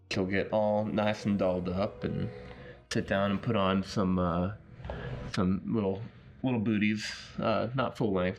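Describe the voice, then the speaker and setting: A man's voice: deep voice, muffled recording. A man in a tabletop game, speaking for his character and describing what she does, with many fillers. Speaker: tabletop player.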